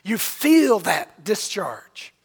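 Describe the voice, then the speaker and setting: Male preacher, dramatic storyteller; very high voice, unhurried. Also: very animated, husky. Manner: dramatic storytelling, rising and falling in volume. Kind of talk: sermon.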